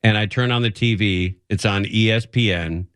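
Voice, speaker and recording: A man's voice: lowish voice, normal speed, a bit bright, clean tone, no room sound. A man hosting a radio show, telling a rambling, self-mocking story in casual chat and laughing often.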